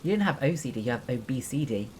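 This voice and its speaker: Very deep-voiced young woman streamer. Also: animated, fast talker, a little mellow, a little hiss or hum. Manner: explains step by step, many fillers, chatty asides. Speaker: streamer and nursing student. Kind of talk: casual chat while gaming.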